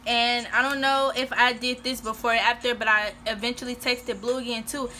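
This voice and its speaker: Young woman vlogger, fairly high bright voice, animated emotional storytelling. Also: fairly quick, slight background noise. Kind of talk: casual storytime.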